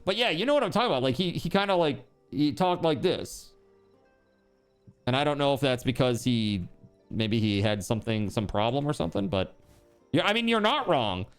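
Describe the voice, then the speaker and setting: A man's voice: medium pitch, very animated, quick pace, fairly bright tone, clean tone, faint music behind. A man streaming a game, chatting casually in a rambling, joking way, swearing now and then and packing his talk with fillers.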